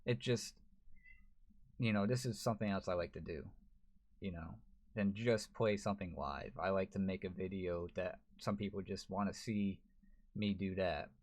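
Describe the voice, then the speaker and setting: A man's voice: low voice, steady tone, normal speed, darkish tone. A man, a gaming YouTuber, talking to camera in a frustrated, rambling way, full of restarts. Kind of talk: emotional to-camera vlog.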